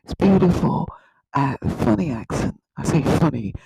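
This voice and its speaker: A man's voice: on the high side, expressive, moderate pace, gravelly, dark tone, husky, no room sound, low-quality recording. A man hosting a satirical comedy video, rambling in a mock-serious way and often tripping over his words. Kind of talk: satirical monologue to camera.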